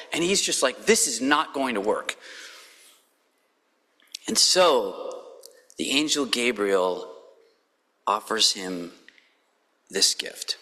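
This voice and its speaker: Male pastor, lively bright voice, slow unhurried delivery, church hall reverb, conversational sermon. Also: on the high side. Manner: animated storytelling with playful quoted voices. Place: church sanctuary.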